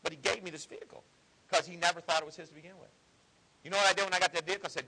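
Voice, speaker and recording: A man's voice: a little high, rapid-fire, pushed and bright, husky, rough recording. A man preaching a sermon in an earnest, conversational way with folksy asides. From Ohio.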